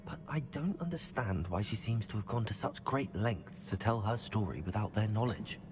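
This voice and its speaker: An actor playing a scholarly older male magic professor, who explains things in a thoughtful, measured way in a video game. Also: lowish voice, lively intonation, lightly acted. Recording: game audio with music behind.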